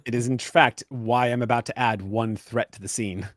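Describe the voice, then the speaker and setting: Man GM narrating a sci-fi game scene, descriptive, chuckling, middle pitch, dry sound. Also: steady tone, moderate pace, a bit bright, no echo. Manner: descriptive, laughs often, frequent fillers. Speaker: game master.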